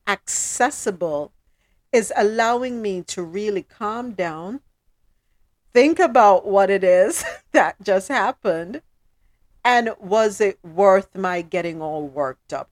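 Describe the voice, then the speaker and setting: A woman hosting a talk show in a conversational tone. Her pitch sits in a middle range. The sound is close and dry, with little room behind it. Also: dry recording. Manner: conversational, acts out her own thoughts.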